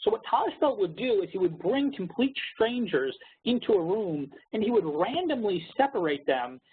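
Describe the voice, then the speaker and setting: Very husky man explaining research by phone. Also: sits high, very animated, moderate pace. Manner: explanatory, lecturing. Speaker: co-author and webinar presenter. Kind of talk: explanatory webinar talk. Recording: narrow phone-like webinar audio.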